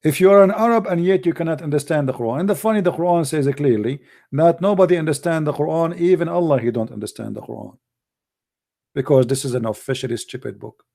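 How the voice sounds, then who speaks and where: Host, male, Arabic accent, native Arabic speaker. Mocking, emphatic debater, fairly high, mellow voice. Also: fast talker, gravelly. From Middle East. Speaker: apologetics show host. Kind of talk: live debate talk.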